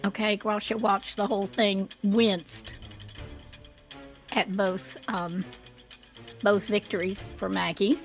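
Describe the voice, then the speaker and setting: Woman, tabletop player, very slow, faint music behind. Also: mid-range voice, little pitch movement. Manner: deliberate, clears throat often. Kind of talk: playing a tabletop game.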